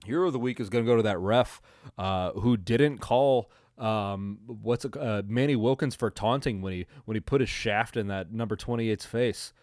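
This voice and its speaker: A man's voice: fairly low pitch, moderate pace, a little mellow, no echo, clean studio sound. Profane, rambling male podcast host. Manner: profane, rambling, joking, with frequent laughs and fillers. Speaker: podcast host recapping football games. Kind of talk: casual solo recap commentary.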